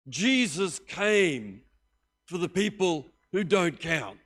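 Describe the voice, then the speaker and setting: An older Australian man preaching a sermon as pastor, animated and joking in a conversational way. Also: sits high, takes it slowly.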